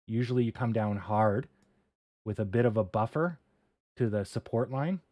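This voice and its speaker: A man hosting a casual livestream, talking things through as he works and swearing lightly at his own slips. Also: lowish voice. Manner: relaxed, muttering, swears and laughs at his own mistakes. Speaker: livestream host. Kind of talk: casual livestream chat while coding and reading charts.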